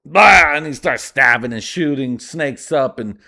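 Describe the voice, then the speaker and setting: A man's voice: medium pitch, moderate pace, bright, forceful tone. A man from the US with Spanish as his first language, hosting a podcast from his garage in a rambling, profane, laughing monologue. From United States. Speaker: podcast host. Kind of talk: casual comedic monologue. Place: home garage.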